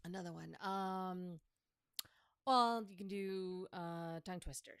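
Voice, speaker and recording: A low-pitched woman chatting as a podcast guest, animated as she demonstrates vocal warm-ups. The sound is dry and close, with no room around it. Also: takes it slowly, gravelly, clear, resonant tone, no echo. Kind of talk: casual podcast chat.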